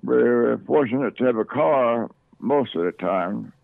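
An older man from Oklahoma slowly and plainly remembers his childhood. He comes through a thin phone line, and the sound is dry and close. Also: mid-range voice, animated, gravelly, dry recording. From Oklahoma, USA. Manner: slow, plain, reminiscing. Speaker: elder being interviewed. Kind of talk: recalling his childhood in an interview.

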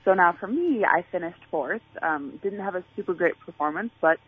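A woman's voice: lowish voice, a little fast, slightly rough, no room sound. A woman Olympic athlete talking in a chatty way, full of fillers and restarts, during a phone interview. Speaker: Olympic track and field athlete. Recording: tinny phone line.

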